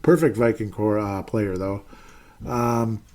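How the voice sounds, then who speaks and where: Rambling exasperated sports fan host. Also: male voice, lowish voice, slow pace, darkish tone. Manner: rambling, self-deprecating, exasperated, trails into muttered asides. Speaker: podcast host reading chat comments. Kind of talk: casual live-stream sports rant.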